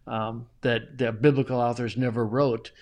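A middle-aged man talking as a guest in a casual interview, animated and often chuckling, with frequent restarts. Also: mid-range voice, moderate pace. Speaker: Bible translator guest.

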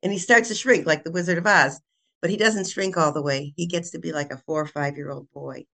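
An older woman, a children's author and guest, retelling her book's plot in a casual, animated way with laughs. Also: low voice, a little fast, creaky. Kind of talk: casual storytelling interview.

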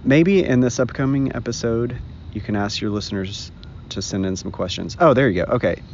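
A man's voice: medium pitch, a little fast, gravelly, a little mellow. A man co-hosting a podcast, chatting casually and rambling outdoors in a park. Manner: rambling, laughs often. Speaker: podcast co-host. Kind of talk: casual chat. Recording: dull lo-fi recording, faint noise.

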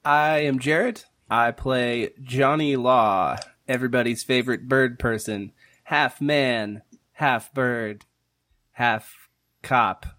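A man's voice: mid-range voice, slow pace, fairly bright tone, no room sound. A man playing in a tabletop game podcast, joking and irreverent in casual banter. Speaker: player.

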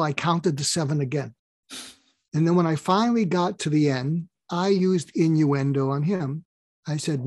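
A man's voice: fairly high pitch, a little slow, long pauses, a little mellow, no room sound. An older man, a psychiatrist guest on an interview show, telling a story and acting out the exchanges he quotes.

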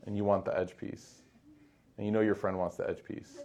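A man giving a religious talk to a live audience, conversational and quick to act out everyday scenes in little voices. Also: lowish voice, level tone, a little mellow. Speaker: Islamic lecturer.

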